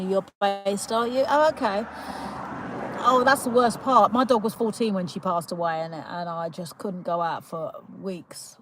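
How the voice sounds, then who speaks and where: A young British woman chats and giggles as she welcomes viewers to her casual livestream, full of fillers and restarts. Her voice is medium-pitched, and the recording is low quality.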